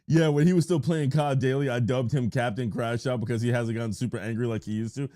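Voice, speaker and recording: Male streamer, mid-pitched, crude banter with chat, bursts into playful shouts. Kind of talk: casual live-stream chat.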